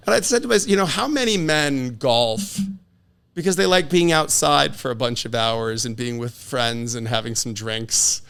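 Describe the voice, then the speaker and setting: In a casual podcast chat, a middle-aged divorce attorney speaks at a moderate pace with a gravelly, clean-toned, mid-range voice. He narrates stories energetically and gives voice to the people he quotes.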